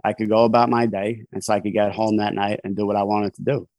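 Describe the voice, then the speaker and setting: Low-voiced New man telling his story. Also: level tone, fast talker, darkish tone, no room sound. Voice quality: conversational, frequent "you know" fillers and restarts. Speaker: podcast guest, author in long-term recovery. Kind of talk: candid storytelling in a casual interview.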